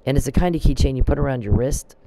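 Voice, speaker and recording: Gravelly man preaching emphatically. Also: mid-range voice, expressive, fast, dark tone, no echo, low-quality recording. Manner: preachy, emphatic, scripture-quoting. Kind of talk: religious exhortation monologue.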